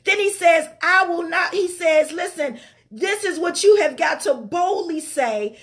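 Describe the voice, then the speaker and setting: Very high-voiced woman preaching fervently. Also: animated. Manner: passionate, repeats phrases for emphasis, slows down to stress scripture. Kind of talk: sermon.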